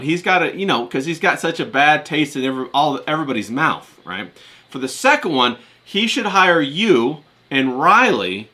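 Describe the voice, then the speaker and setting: A man hosting a podcast in casual chat, animated and quick to swear. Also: fairly high pitch. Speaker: podcast host.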